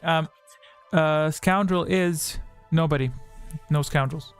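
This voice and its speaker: A man's voice: fairly high pitch, unhurried, soft background music. Man rambling through a livestream quiz. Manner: rambling, self-correcting, reads chat answers aloud. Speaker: streamer hosting a quiz. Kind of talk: casual livestream quiz chat. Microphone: desk microphone.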